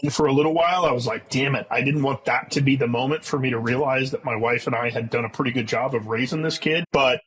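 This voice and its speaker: Husky man telling a candid story. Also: mid-range voice, quick pace, few pauses, poor audio. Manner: emotional, candid, quotes his son in dialogue. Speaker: podcast guest.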